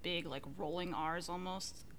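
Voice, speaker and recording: A woman's voice: on the low side, steady tone, unhurried, a crowd in the background. A woman joining a casual chat, playful and giggling as she talks. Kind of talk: casual film discussion.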